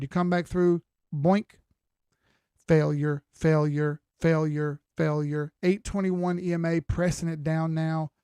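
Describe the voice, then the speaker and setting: A man's voice: high voice, darkish tone, smooth, dry recording, studio quality. A tired man giving casual live-stream commentary on crypto charts, talking in a loose, folksy way and often repeating himself. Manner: conversational, repeats phrases, folksy slang. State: tired, yawning.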